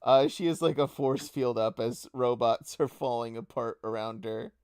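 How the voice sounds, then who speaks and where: A man as game master narrating a tabletop game in an unhurried way, with fillers. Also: mid-range voice, a little mellow, clear, resonant tone.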